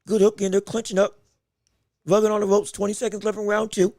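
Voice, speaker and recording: A man hosts a boxing podcast, commenting live on a fight. His voice sits very high with a gravelly rasp, and it is recorded close and dry with no room sound. He rambles, stammers and keeps correcting himself mid-thought. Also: little pitch movement, fairly quick, darkish tone, dry recording. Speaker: podcast host.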